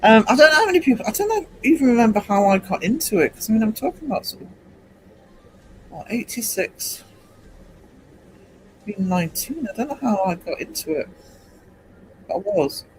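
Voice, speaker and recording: An English man in his fifties hosting a casual late-night livestream, rambling and hesitant with many pauses. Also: high-pitched, very animated, darkish tone, slight background noise, low-quality recording. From England. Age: 50s. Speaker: livestream host.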